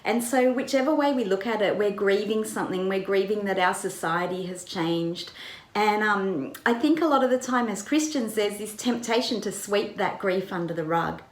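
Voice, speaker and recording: A woman's voice: mid-range voice, normal speed, echoey room. A woman pastor retelling a Bible story in a conversational way, with vivid narration. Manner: vivid retelling, acts out quoted lines.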